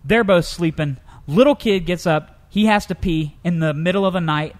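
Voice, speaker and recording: Lively young-sounding man telling funny stories. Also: normal speed. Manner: lively storyteller, jumps into high pitch for characters. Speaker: co-host. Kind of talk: comedic news-story chat.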